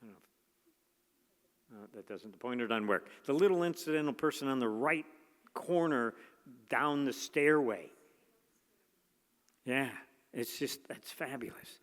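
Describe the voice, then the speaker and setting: A man's voice: medium pitch, a little slow, pauses often, a bit bright. A man giving a museum gallery talk to an audience, enthusiastic and exclamatory, with many fillers and restarts. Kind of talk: lecture to an audience. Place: museum lecture hall. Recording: long hall reverb.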